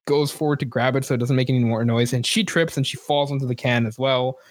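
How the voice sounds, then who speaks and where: Acting as game master for a tabletop game, a man narrates in a relaxed, meandering way, full of fillers and quick laughs. His voice sits in the mid range, and the studio recording is clean with no echo.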